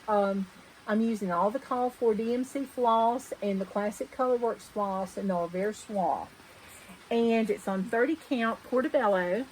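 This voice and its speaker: A woman's voice: a little high, a little hiss or hum, rough recording. Chatty woman showing stitching. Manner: chatty, rambling, corrects herself mid-sentence. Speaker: cross-stitch vlogger host. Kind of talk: casual show-and-tell chat.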